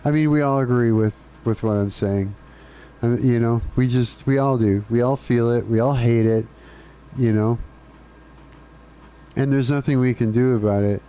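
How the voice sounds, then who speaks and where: Casual streamer guy, profane ranting, mellow low tone. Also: moderate pace, pauses often, clear, resonant tone. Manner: ranting, profane, laughing often. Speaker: live streamer. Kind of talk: casual chat with live chat.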